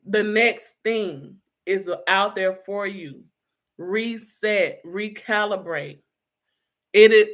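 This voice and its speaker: Medium in pitch and fairly bright, a middle-aged woman's voice drives an emphatic motivational talk as a life coach. She presses her calls to action repeatedly, at times laughing and making light of herself.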